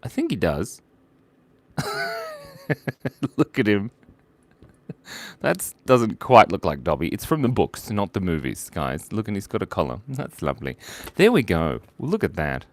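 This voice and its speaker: Playful chatty man with a lively pitch. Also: measured pace, long pauses, no room sound. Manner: playful, chatty, reads viewer requests aloud. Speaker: live-stream artist. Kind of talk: casual live drawing chat.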